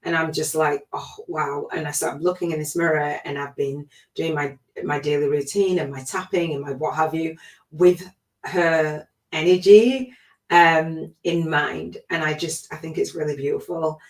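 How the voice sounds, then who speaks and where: Middle-aged woman, low voice, chatty reflective podcast host, echoey room, distant mic. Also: steady tone, normal speed. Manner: chatty and reflective, with many fillers. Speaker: spiritual life coach hosting a podcast. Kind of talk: casual spoken monologue.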